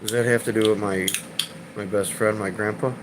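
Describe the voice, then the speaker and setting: A man in his thirties chatting on a live stream, rambling and swearing, halting with fillers and repeats, emotional and choked up. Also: lowish voice, fairly even intonation, noisy background. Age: 30s. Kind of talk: casual live-stream chat.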